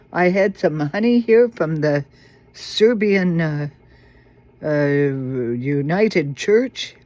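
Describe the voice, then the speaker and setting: An older woman chats straight to her camera in a relaxed, wandering vlog. Her voice is husky and a little rough, and she talks very slowly, stopping often to restart a thought or fill a gap. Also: low voice. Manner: halting and rambling, with many fillers and restarts. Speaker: vlogger. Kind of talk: casual rambling vlog.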